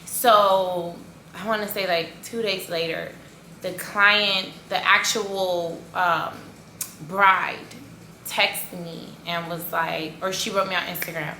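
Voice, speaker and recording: A woman's voice: fairly low pitch, slow pace, slight background noise. A woman who runs a cake business, telling a story in a casual vlog with lots of fillers and playful sound effects. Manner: animated, filler-heavy retelling with sound effects. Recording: echoey room.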